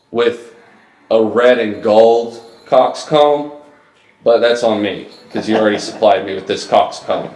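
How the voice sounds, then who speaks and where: A man hosting a podcast, telling stories in a deadpan, mock-grandiose way in casual comedic chat. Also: lowish voice, a little slow. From Mississippi, US. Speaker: podcast host. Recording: echoey room.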